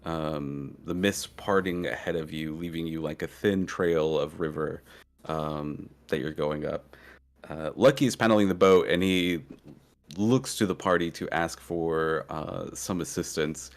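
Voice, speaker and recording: A man's voice: a bass voice, measured pace. A man narrating as game master of a tabletop game, loose and full of fillers.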